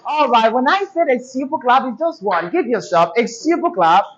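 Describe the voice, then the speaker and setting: A woman's voice: fairly high pitch, animated, highs cut off, slight background noise. A woman teaching a diction class, asking questions and having pupils repeat after her. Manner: call-and-response prompting, deliberate.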